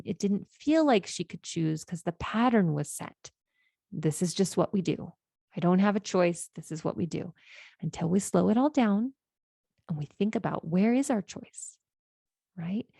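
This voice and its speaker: Mellow-voiced woman coach telling a story. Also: mid-range voice, no room sound, clean studio sound. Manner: earnest, storytelling, acts out quotes. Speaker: podcast host and life coach. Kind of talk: solo podcast monologue.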